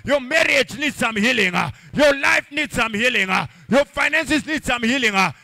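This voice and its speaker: A man preaching a fervent sermon as pastor, chanting and shouting his phrases, then dropping to quiet pleading. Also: very high voice, expressive, moderate pace, gravelly, no room sound. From Africa.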